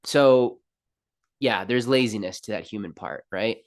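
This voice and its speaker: A man's voice: on the low side, measured pace. A man hosting a spiritual self-help podcast, talking straight to the listener in an emphatic, playful way. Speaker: podcast host and spiritual counselor. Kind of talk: motivational spiritual talk.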